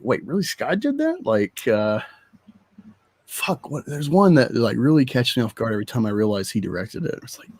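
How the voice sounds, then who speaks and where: Male co-host, animated, opinionated, dry close mic. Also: mid-range voice, no room sound. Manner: chatty, opinionated about movies, laughs often. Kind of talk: casual chat on a live stream.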